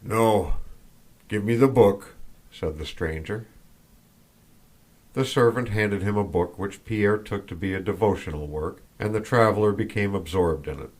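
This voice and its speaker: Deep-voiced man narrating an audiobook. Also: normal speed. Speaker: audiobook reader. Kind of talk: scripted narration.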